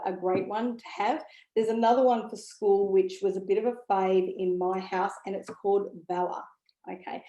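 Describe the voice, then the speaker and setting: Her mid-range voice carries a dark tone as she chats to the camera about essential oils. She's an educator, casual and enthusiastic, dropping frequent ums and okays, and the room echoes around her.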